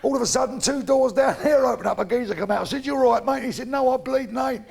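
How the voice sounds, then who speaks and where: A middle-aged Cockney comedian performs live in front of an audience, his extremely high, gravelly voice fast and slightly dark in tone, with noisy stage sound around him. Brash and crude, he swears liberally and plays out each side of his stories.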